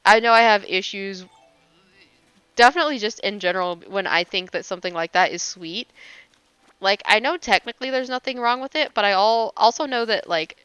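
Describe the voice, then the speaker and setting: A woman's voice: medium pitch, fairly quick, fairly bright tone, smooth, no echo, lo-fi sound. A young woman livestreaming while gaming, chatting casually and gushingly, laughing often and swearing offhandedly at herself.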